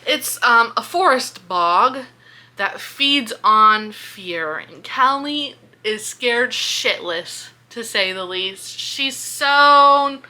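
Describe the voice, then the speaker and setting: A woman casually retelling a book's plot in a video review, chatty and animated, swearing and filling with "like". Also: a little high, extremely slow. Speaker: book reviewer. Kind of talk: casual book-review vlog.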